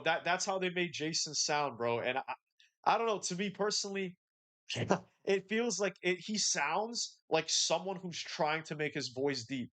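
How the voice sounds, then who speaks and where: A man hosts a casual gaming livestream in a laid-back, slangy way, reading chat messages and answering them one by one. His voice sits slightly higher than most men's. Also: expressive, a little slow, a bit bright. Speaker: livestream host.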